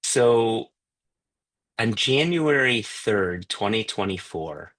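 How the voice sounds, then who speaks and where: Man, tasting host, video call audio, somewhat low voice, casual rambling talk. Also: animated, slow, a bit bright. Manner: chatty, loose, with many fillers and restarts.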